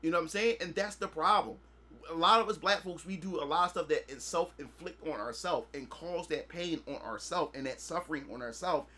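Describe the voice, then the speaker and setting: A man's voice: a little high, fairly quick, bright, forceful tone. A man hosting a podcast, talking in a blunt, profane, lecturing way and leaning on repeated filler phrases. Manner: emphatic, preachy lecturing. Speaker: podcast host. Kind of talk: casual podcast monologue.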